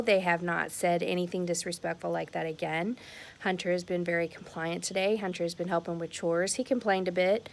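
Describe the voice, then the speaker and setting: Mom vlogger, lowish voice, candid and emphatic, camera mic at home. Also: female voice. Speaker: vlogger, mother. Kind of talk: casual talk to camera. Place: at home, near a porch.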